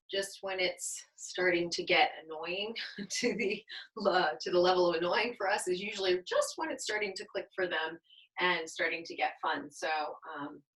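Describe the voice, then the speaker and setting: Young woman, baby yoga teacher, soothing and bright. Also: lowish voice, rough recording. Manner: gentle, soothing, sing-song. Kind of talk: guided class instruction with singing.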